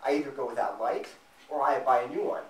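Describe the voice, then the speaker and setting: A man's voice: medium pitch, fast. A man giving an apologetics lecture at a student fellowship event, speaking emphatically and acting out imagined dialogue. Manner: emphatic, acts out imagined back-and-forth dialogue. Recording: roomy sound, mic at a distance.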